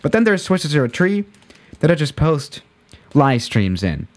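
A man's voice: a little high, very animated, a little slow. A man chatting casually on a live stream while playing a flight simulator, rambling and correcting himself as he goes. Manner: rambling, self-correcting, laid-back.

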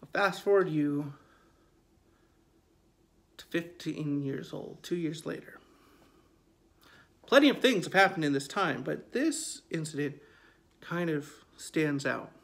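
Slow-talking man telling a spooky story. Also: a little high, vocal fry, fairly bright tone. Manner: conversational and emphatic, with repeated phrases. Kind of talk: casual spoken storytelling.

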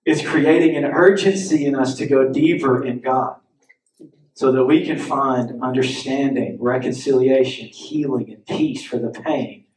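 Recorded far from the mic in a roomy church sanctuary, a male pastor delivers a sermon full of lively stories, laughter and acted-out quotes. He speaks a little slowly in a mid-range voice. The recording is low quality, with slight background noise.

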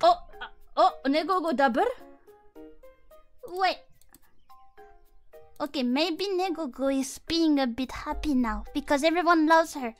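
Woman streamer, very high and bright voice, playful and excitable, reads chat aloud. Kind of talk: casual livestream chat.

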